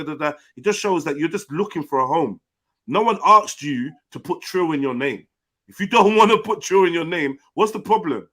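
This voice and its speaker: A man hosts a heated online panel chat, blunt and full of slang and swearing. His voice sits noticeably high for a man. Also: fairly bright tone. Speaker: panel host.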